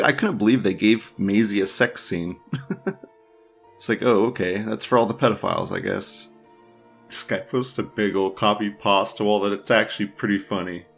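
A man hosting a podcast, casually reading forum posts aloud with crude jokes and frequent laughter. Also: lowish voice. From United States. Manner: crude, joking, laughs often. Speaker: podcast host.

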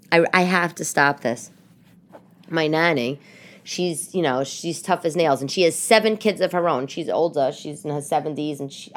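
Podcast host, woman, New York accent, lowish voice, animated casual storyteller. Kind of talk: casual chat. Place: living room.

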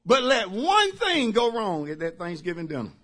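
Pastor, high lively delivery, preaches hard and calls out to the congregation. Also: male voice, normal speed. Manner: emphatic preaching with sudden shouted bursts; talks directly to the congregation. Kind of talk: sermon.

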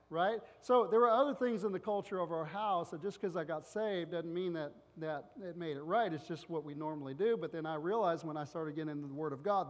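A male pastor giving a sermon full of personal stories. He rambles and loses his place, acting out loud family voices along the way. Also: fairly high pitch, big-room sound.

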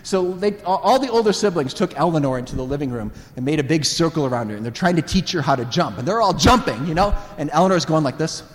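A man delivers a sermon full of family anecdotes, laughing often as he tells them. His voice sits somewhat high and moves with wide, lively swings. Long reverb from a large hall follows every phrase. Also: fast, hardly any pauses. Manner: animated, laughs often while telling family stories. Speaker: preacher. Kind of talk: sermon storytelling.

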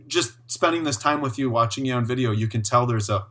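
Male host, mid-pitched, bright tone; warm storyteller energy. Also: fairly quick. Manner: enthusiastic, storytelling, affirming. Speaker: podcast host. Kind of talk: conversational interview.

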